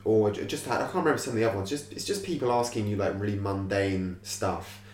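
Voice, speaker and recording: Quick low-voiced man. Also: a little mellow. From Surrey, England. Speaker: podcast co-host. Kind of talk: casual chat. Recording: echoey room with faint noise.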